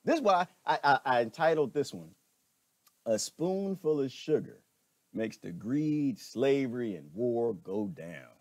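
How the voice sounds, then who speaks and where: A middle-aged man giving a preachy, animated monologue as a vlogger, laughing often and repeating himself. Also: medium pitch, unhurried, dry recording, clean studio sound. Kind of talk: ranting commentary monologue.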